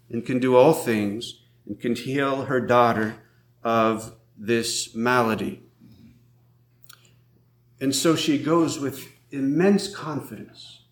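A man preaching a sermon as a priest, in a slow, measured way, reading scripture aloud. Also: mid-range voice, echoey room.

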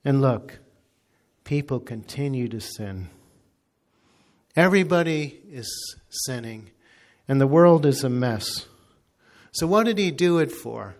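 Male priest, sermon delivery; slow and emphatic, mid-pitched. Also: lively intonation. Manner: deliberate, emphatic preaching.

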